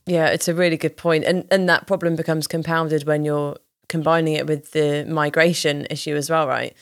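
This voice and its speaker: Chatty gravelly woman co-host. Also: low voice, little pitch movement, normal speed, no room sound, soft background music. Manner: chatty, warm-humoured, laughs easily. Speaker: podcast co-host. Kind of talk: casual podcast chat.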